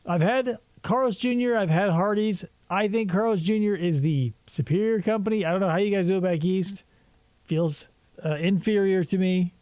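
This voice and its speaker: A man's voice: high-pitched, moderate pace, a little mellow, no echo. A man hosting a comedy podcast, riffing sarcastically and crudely over a video. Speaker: podcast host.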